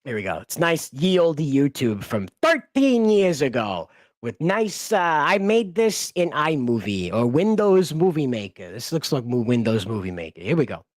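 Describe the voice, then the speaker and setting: A man's voice: a little high, sing-song, moderate pace, no echo, clean studio sound. A man hosting a casual commentary stream, rambling and swearing with frequent laughs. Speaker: host.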